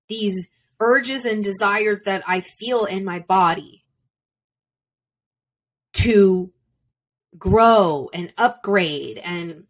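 Blunt, profane woman giving a pep talk. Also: medium pitch. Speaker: podcast host. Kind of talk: motivational solo podcast monologue. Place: home without a soundproof room. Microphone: simple home recording setup.

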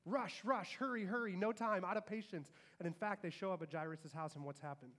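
Here the pastor's fairly high, light voice is a little fast and fairly bright in tone as he delivers his sermon. Animated in his storytelling, he voices the characters' lines along the way.

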